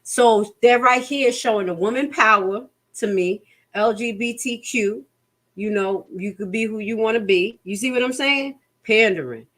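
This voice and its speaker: A woman's voice: a little high, moderate pace, fairly bright tone. A woman giving indignant, profane commentary and reading news aloud with her own asides. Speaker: political commentary vlogger. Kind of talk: casual ranting commentary.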